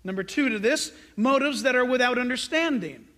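High-voiced emphatic male pastor preaching. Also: lively intonation, brisk, fairly bright tone. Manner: emphatic, asks the congregation rhetorical questions. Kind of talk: sermon.

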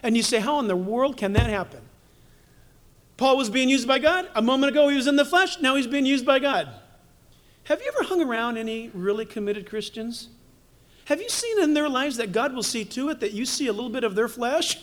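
A man's voice: very high voice, lively intonation, brisk, fairly bright tone. A man preaching a sermon as pastor, telling stories animatedly with humorous asides.

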